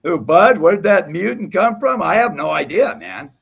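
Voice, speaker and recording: A man's voice: high-pitched, big pitch swings, moderate pace, creaky, fairly bright tone, husky. A man hosting a livestream panel, taunting and cursing at a rival in heated trash talk. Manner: profane, taunting, mocking. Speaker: livestream host.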